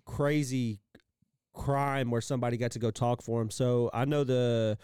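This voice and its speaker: A man co-hosts a podcast, chatting casually in an easygoing, agreeable way. His voice is medium-pitched, a little mellow, clear and resonant, with fairly even intonation and a moderate pace. The sound is clean studio quality with no room sound.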